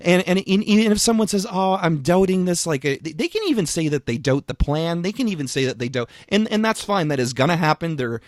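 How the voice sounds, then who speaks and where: Energetic man coaching on a podcast, dry sound. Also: a little high, fast, few pauses, no echo. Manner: energetic, emphatic, frequent restarts and repeated words; casual swearing. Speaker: fitness coach and podcast co-host. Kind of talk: casual podcast chat.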